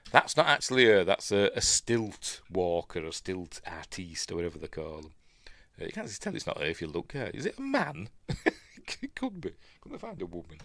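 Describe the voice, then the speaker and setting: A man's voice: fairly low pitch, fairly bright tone, no echo. A man with a Yorkshire accent, talking through a film in a rambling, chatty way full of asides. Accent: Yorkshire English. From Yorkshire, England. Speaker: film reviewer. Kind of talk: casual film breakdown commentary.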